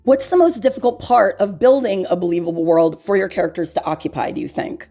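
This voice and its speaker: Give me a woman interviewer who teases gently and stumbles over her words, with faint music behind. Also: medium pitch, lively intonation. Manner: hesitant, halting, gently teasing. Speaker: host. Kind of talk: comedic mock interview.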